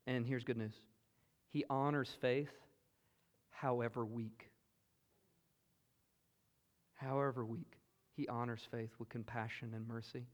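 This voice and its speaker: A man with a Southern US accent preaching a sermon, earnest and emphatic, moving between loud exclamations and hushed asides. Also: mid-range voice, fairly even intonation, measured pace, pauses often, muffled recording. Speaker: pastor. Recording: long hall reverb.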